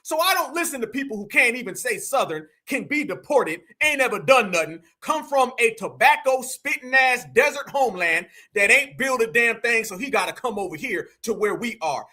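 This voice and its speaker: An American reaction channel host with a very high, piercing, edgy and bright voice rants in heated commentary. He's mocking and combative, keeps calling his audience "fam," and speaks expressively at a moderate pace with few pauses.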